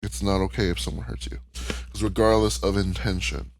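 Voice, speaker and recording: Speaking at normal speed with fairly even intonation, a man with a low voice chats casually on a podcast he co-hosts. He recaps a cartoon candidly and emotionally, swearing often.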